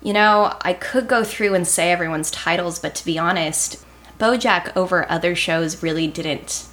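A woman's voice: lowish voice, moderate pace. A young woman, a TV writer, chatting in an interview and acting out the people in her stories. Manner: animated, acts out quotes in a raised voice. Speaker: TV writer guest. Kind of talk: casual interview storytelling.

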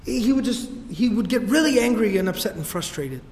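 A man's voice: very high-pitched, expressive, quick pace, hardly any pauses, darkish tone. A man giving a casual, slangy religious history lecture, telling stories with jokes. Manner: casual, slangy, joking storyteller. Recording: echoey hall with long reverb.

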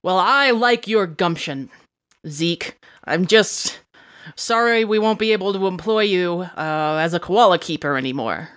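A woman's voice: fairly low pitch, expressive, a bit bright. A woman setting scenes and playing a character in a tabletop role-play game, in a playful, laughing way. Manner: playful, laughing, quick storytelling. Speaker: game facilitator and player.

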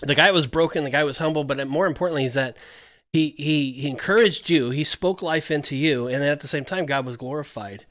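Bright, dry-sounding pastor. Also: male voice, fairly high pitch, fairly quick, dry recording. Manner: earnest, reflective, preacherly. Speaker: podcast co-host, pastor. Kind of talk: casual Christian podcast chat.

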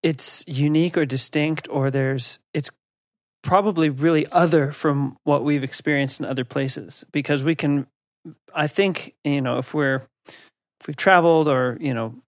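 A woman's voice: low-pitched, moderate pace, dry recording. American woman co-host, reflective and playful, dry close sound. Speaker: podcast co-host. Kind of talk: casual podcast conversation.

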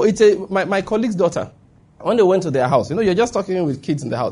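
Husky preacher, mellow voice. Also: male voice, high voice, animated, fast talker. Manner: chatty, full of rhetorical questions and asides. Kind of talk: conversational sermon teaching.

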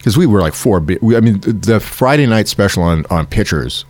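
A man's voice: on the low side, a little fast, dry recording. A man hosting a comedy show, telling stories in a casual chat and acting out the voices of people he quotes. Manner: animated storyteller, acts out quoted voices.

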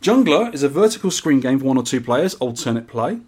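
A man's voice: mid-range voice, big pitch swings, fairly quick, darkish tone, breathy edge. A man hosting a podcast, explaining how an arcade game works in a laid-back, joking way. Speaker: podcast host. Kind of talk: casual podcast chat.

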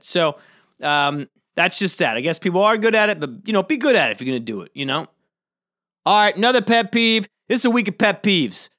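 A man's voice: high voice, fairly bright tone. A young man, a comedian hosting his own podcast, ranting about pet peeves in a rambling, emphatic way and acting out the people he quotes. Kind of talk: solo podcast rant.

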